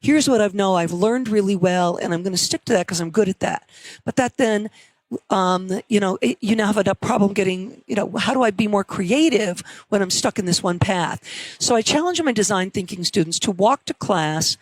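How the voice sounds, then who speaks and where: A woman professor telling stories in a conversational interview, lively when quoting others. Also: mid-range voice, normal speed, dry recording, low-quality recording. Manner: storytelling, animated quotes. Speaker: professor and guest.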